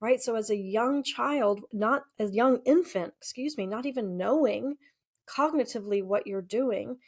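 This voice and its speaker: Gentle middle-aged woman explaining healing. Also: fairly high pitch, normal speed. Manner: gentle, explaining, often adds "right?". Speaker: podcast guest, somatic healing practitioner. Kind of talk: explanatory casual chat.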